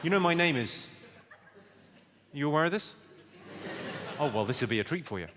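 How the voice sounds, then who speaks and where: A southern English man doing stand-up comedy, his fairly high voice swooping up and down as he lands dry, deadpan one-liners. He teases the crowd with a sly edge. The live recording is buried under loud background noise. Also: normal speed. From England.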